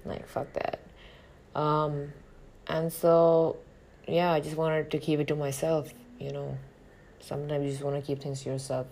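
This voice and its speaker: Low, gravelly woman, candid and frank. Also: monotone, normal speed, a little mellow, slight background noise. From northern India. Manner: frank and profane, reflective. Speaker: actor. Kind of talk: candid personal storytelling.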